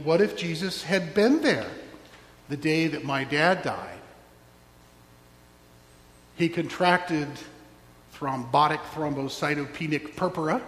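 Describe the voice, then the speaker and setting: A man's voice: on the high side, a bit bright. A man preaching a sermon, telling a story and acting out the voices in it, with wry asides. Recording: roomy hall with long echo, faint hum.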